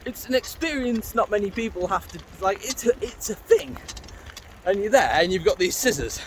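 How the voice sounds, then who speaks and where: A man rambles through a story while out on a bike, swearing freely and nodding hellos to people he passes. His voice sits a little high for a man, and a faint hum of the outdoors runs underneath. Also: big pitch swings, moderate pace. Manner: greets passers-by mid-sentence. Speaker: vlogger. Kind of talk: casual storytelling while cycling. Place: outdoors on a canal towpath, riding a bike.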